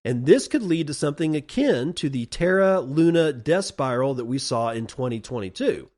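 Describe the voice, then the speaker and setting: A man's voice: fairly high pitch, lively intonation, moderate pace, a little mellow. A middle-aged man hosting a solo commentary podcast, sarcastic and ranting, stretching out words for emphasis. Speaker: podcast host.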